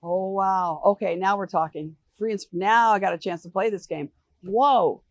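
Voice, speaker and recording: An older American woman answering interview questions, telling animated stories and acting out the voices of people she quotes. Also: mid-range voice, normal speed, no echo. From United States. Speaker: interview guest. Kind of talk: relaxed storytelling interview.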